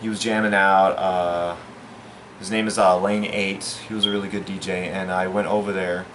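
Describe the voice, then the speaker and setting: A man's voice: low-pitched, little pitch movement, background noise. Rambling man telling a story. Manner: rambling, halting, many fillers and restarts. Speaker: storyteller vlogger. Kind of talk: casual storytelling.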